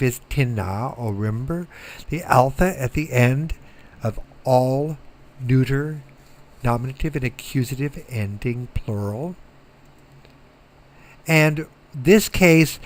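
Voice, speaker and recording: A middle-aged man giving a recorded lecture, slow and methodical, repeating words so students can follow. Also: mid-range voice, a little mellow. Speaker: Greek teacher.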